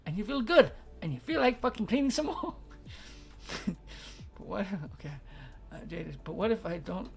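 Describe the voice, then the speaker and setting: A woman's voice: medium pitch, sing-song, moderate pace, vocal fry, faint music behind. A woman hosting a livestream advice chat, blunt and swearing freely, laughing often and reading out viewer comments. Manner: reads viewer chat aloud.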